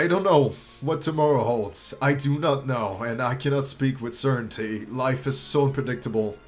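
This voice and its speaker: A young man talks to his viewers in a voice that is choked up and close to tears. His mid-range delivery halts, trails off and restarts, with casual swearing mixed in. Faint music plays softly underneath. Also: mid-range voice. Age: young adult. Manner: emotional, halting, restarts and pauses, swears casually. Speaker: YouTuber. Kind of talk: heartfelt farewell talk to viewers.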